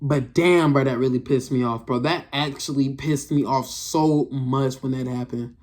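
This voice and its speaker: A man's voice: medium pitch, fairly even intonation, moderate pace, a little mellow. A young man reviewing a race in a casual, frustrated rant, slangy and profane, repeating himself often.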